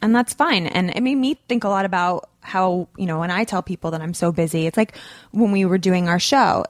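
A woman's voice: lowish voice, a little fast, no room sound. A young woman co-hosting a podcast, talking in a chatty, casual way with lots of fillers and restarts. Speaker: podcast co-host. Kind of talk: casual chat.

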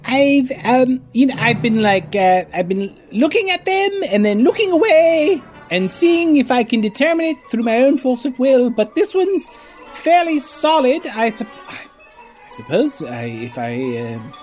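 A woman takes her turn in a tabletop game, halting and restarting as she thinks aloud. She talks slowly, her pitch lively and varied. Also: soft background music. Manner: hesitant, halting speech. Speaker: player. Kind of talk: tabletop role-play banter.

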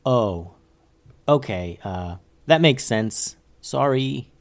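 A man's voice: medium pitch, animated, very slow. A man voicing an eager, impulsive young boy wizard in a children's story, blurting things out.

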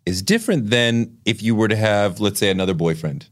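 A man's voice: on the low side, a little fast. A middle-aged man from the United States who hosts the interview, asking probing questions in a conversational way. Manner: probing and conversational, with frequent restarts. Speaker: podcast host. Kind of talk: casual interview chat.

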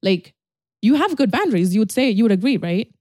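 A woman's voice: a little high, very animated, brisk, darkish tone, dry recording, clean studio sound. A woman in her twenties hosting a podcast, chatting casually and animatedly, swearing and laughing often. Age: 20s. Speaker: podcast host. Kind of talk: casual chat.

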